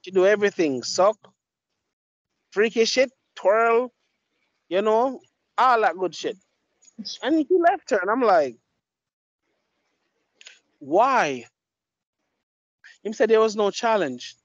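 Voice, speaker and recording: A man's voice: high voice, big pitch swings, measured pace, pauses often, no room sound. A man hosting a podcast, telling blunt, profane stories in casual chat. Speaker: podcast host. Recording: dull lo-fi mic.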